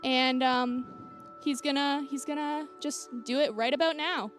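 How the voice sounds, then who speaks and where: Young female co-host, high voice, playful and joking, faint music behind. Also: fairly even intonation, a little slow. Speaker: youth show co-host. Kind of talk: playful livestream banter.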